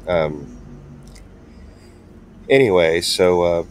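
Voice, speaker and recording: Deep-voiced man, rambling game commentary. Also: a little slow, slight background noise. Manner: rambling and laid-back. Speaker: game streamer. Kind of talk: casual gameplay commentary.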